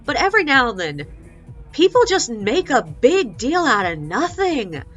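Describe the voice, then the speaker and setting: A woman working as a ghost tour guide, telling stories in a casual, sarcastic, animated way and acting out the quotes. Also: on the high side, a little slow, muffled recording, faint music behind. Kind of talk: casual storytelling vlog.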